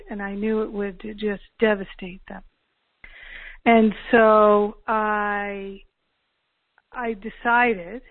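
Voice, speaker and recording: A woman hosting a call-in teaching show, speaking in a slow, measured and earnest way. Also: mid-range voice, dry recording. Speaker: host. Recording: phone-line quality, dry.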